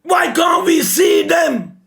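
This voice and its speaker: Shouting, high-pitched emotional man. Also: animated, slow pace, gravelly. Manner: emotional, shouting, swears a lot. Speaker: reaction streamer. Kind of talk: live manga reaction.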